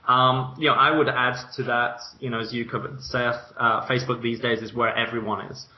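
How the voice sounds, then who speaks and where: A man's voice: mid-range voice, little pitch movement, brisk, highs cut off. A man co-hosting a podcast, explaining ideas in an enthusiastic, talkative way. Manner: enthusiastic, explanatory, laughs lightly. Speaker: co-host. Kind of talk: conversational business podcast.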